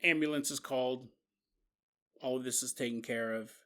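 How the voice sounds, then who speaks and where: A man hosting a podcast, telling a spooky story in an animated, conversational, jokey way. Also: medium pitch, moderate pace. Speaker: podcast host. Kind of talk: storytelling narration.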